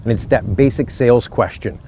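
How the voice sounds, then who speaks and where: A man's voice: medium pitch, fairly quick, mellow, a little hiss or hum. Chatty middle-aged man vlogging outdoors. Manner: chatty, friendly storytelling. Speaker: car salesman and channel host. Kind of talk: casual outdoor vlog talk. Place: outdoors in a city park.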